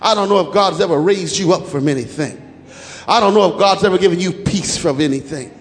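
Older male pastor, very high voice, shouting repetitive sermon cadence, echoing church hall. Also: fairly quick. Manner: shouting, rhythmic repetition, chanted phrases.

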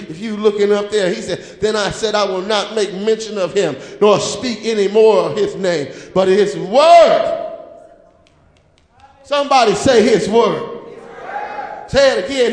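A man a sermon with chanting, rhythmic repetition that rises into shouts, drawing call-and-response from the congregation in a church. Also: high-pitched, moderate pace. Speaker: preacher. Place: church sanctuary. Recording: echoey hall with music.

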